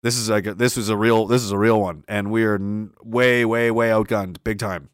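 A man's voice: fairly low pitch, fairly even intonation, moderate pace, dry recording. Sarcastic rambling man on a dry mic. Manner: rambling, sarcastic, lots of "like" fillers. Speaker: streamer reading chat. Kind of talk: casual live-stream commentary.

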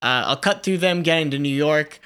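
A man co-hosting a podcast, animatedly retelling a story in a casual way, with many fillers and quick asides. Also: on the high side, a bit bright, clear, resonant tone. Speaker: podcast co-host. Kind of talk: casual retelling of a pitched TV episode.

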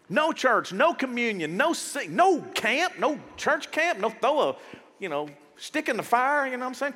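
A man preaching from the stage with a high, bright voice that leaps up and down in pitch. He talks to the crowd like a friend, throws out quick rhetorical questions, and acts out short scenes. His voice rings with the long echo of a big hall. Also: big pitch swings. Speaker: pastor. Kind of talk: sermon. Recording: reverberant hall sound.

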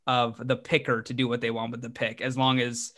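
A man's voice: medium pitch, brisk. Guy hosting a sports podcast, jokey and rambly, keeps restarting, fired up. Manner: energetic, joking, rambling with restarts. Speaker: podcast host. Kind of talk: casual sports podcast chat.

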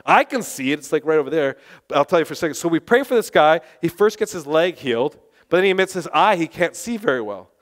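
High-voiced, passionate male preacher. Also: fast. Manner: passionate, excitable, bursts of shouting. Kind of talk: sermon testimony storytelling.

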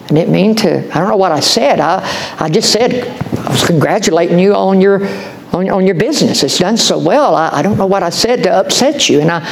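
A preacher acting out an older preacher who apologizes, stammering and flustered. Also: male voice, high-pitched, brisk, gravelly, background noise. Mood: apologetic.

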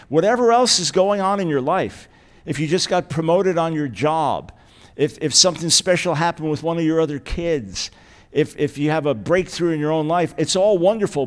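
A man as guest preacher delivering a sermon, emphatic and repeating key words for weight. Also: fairly high pitch.

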